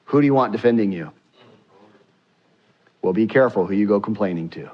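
Animated preaching man, dull recording. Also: on the low side, brisk. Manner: animated, acts out scripture quotes with rising voice; rhetorical questions to the congregation. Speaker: pastor. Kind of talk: sermon.

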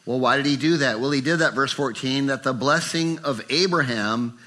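Bright-voiced older male preacher. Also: normal speed. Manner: animated, acts out inner voices with rising pitch. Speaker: pastor. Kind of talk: sermon.

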